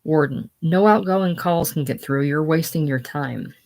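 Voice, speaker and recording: A drunken, domineering prison warden, gruff and then purring, spoken at a slow pace, as a casual reader does his lines. The voice stays near the reader's own everyday voice. The lines come from a play read at home. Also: mid-range voice, darkish tone.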